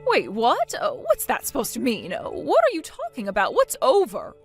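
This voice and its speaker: A woman voicing a scornful mother-in-law in a text-message story, bossy and demanding, with soft music behind. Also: high voice, wildly swooping pitch, moderate pace, full character voice. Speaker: story character.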